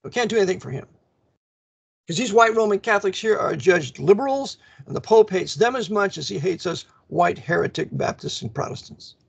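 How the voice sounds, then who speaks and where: A man's voice: high-pitched, lively intonation, fairly quick, vocal fry, breathy edge. A man hosting a radio talk show, combative and ranting, with a stream of rhetorical questions. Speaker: host. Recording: dull lo-fi sound.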